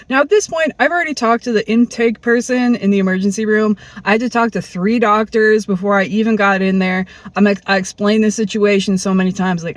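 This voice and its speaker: A woman's voice: mid-range voice, brisk, hardly any pauses, no room sound. Blunt, profane woman telling her story. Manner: blunt, profane, animated, acts out quoted people. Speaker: vlogger telling a personal story. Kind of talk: candid storytelling monologue.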